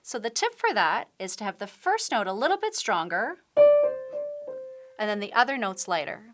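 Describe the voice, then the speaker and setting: A woman's voice: mid-range voice, big pitch swings, moderate pace. A woman piano teacher giving a patient, step-by-step tutorial, explaining techniques while she demonstrates at the keyboard. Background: piano playing.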